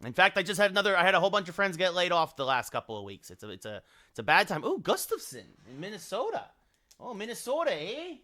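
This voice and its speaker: A man's voice: high voice, wildly swooping pitch, quick pace, sharp tone. A man streaming a hockey game late at night, rambling and thinking aloud as he scrolls through players and chats with his viewers. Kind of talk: live game-stream commentary.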